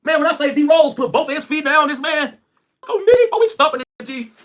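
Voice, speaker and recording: Loud, excitable and quick to trash-talk, a male streamer from Chicago tells casual stories on his livestream. His delivery is fast and high-energy, packed with slang.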